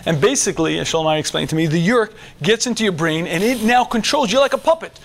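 A middle-aged man giving a religious lecture to men, animated, dropping to a hush and then shouting as he acts out inner voices. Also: high-pitched, fast, vocal fry, slight background noise. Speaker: religious teacher. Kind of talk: lecture to a men's audience.

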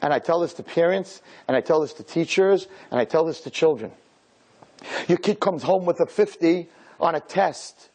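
A middle-aged male rabbi giving an animated sermon to girls. His husky voice sits fairly high and leaps around, and he acts out bits of dialogue as he goes. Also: moderate pace.

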